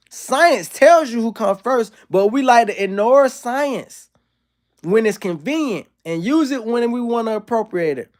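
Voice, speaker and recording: A man's voice: extremely high pitch, big pitch swings, unhurried. A man streaming live, delivering a provocative, profane and emphatic monologue to his chat.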